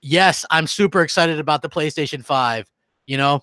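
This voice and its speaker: A man's voice: fairly high pitch, moderate pace, bright, forceful tone, no echo. A man hosting a gaming stream who rants heatedly and reads out viewer comments. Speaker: gaming channel host. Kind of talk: live-stream rant.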